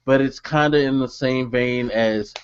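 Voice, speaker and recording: An easygoing man chiming into a casual podcast chat. His voice is mid-pitched, and the audio is muffled and lo-fi. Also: steady tone, measured pace, smooth. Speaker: podcast co-host.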